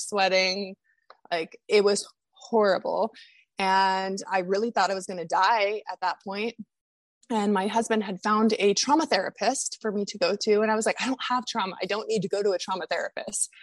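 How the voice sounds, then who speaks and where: A woman's voice: medium pitch, fairly even intonation, moderate pace, no echo. A woman guest on a podcast, telling her personal story in a candid, confessional way.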